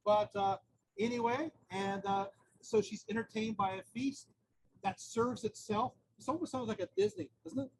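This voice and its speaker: A man with a strikingly high, gravelly voice retells an old myth as a lecture, chatting casually and dropping joking asides. He speaks outdoors, with faint traffic hum behind him. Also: normal speed, a little mellow, rough recording. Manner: chatty retelling with humorous asides and filler words. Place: outdoors near a busy street corner. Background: faint traffic noise.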